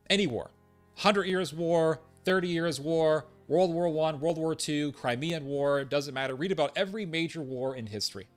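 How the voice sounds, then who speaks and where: A man's voice: on the high side, a bit bright. Emphatic man delivering a political monologue. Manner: emphatic, repeats points, sarcastic asides. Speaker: political commentator. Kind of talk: opinionated monologue.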